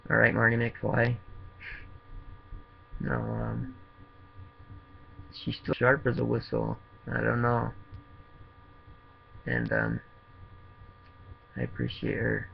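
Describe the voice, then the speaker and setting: A man speaking earnestly in a personal video diary, halting and full of fillers. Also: medium pitch, gravelly, highs cut off, slight background noise. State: tearful, voice breaking. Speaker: vlogger in opiate recovery.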